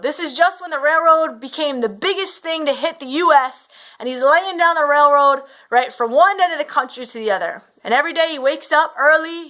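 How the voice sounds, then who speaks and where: A woman's voice: sits high, pushed and bright. A woman coach giving a motivational talk, telling a story and often adding "right?". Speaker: fitness and mindset coach.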